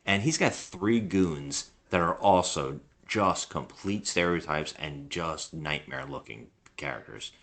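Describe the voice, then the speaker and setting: Low voiced guy on a movie podcast, jokey, rambles a lot. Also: measured pace, hardly any pauses, fairly bright tone. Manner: joking, rambling, does mock impressions. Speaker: podcast co-host. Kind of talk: casual movie review chat.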